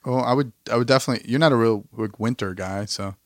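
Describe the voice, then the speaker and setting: A young man from New Jersey with a Jersey accent talks fast in a mid-range voice as a podcast co-host. The dry, clean studio recording captures his loose, swearing chat with friends, and he laughs often.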